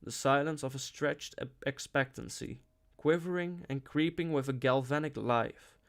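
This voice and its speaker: A man's voice: mid-range voice, normal speed. A man reading a novel aloud with dramatic expression. He lingers on phrases and lets tension build in the prose. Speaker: audiobook reader.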